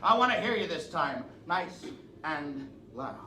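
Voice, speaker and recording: At a live venue, a man performs stage comedy in an expressive, slightly high, somewhat slow voice, joking at his own expense and coaxing the crowd to cheer. A roomy, distant mic picks up loud crowd noise.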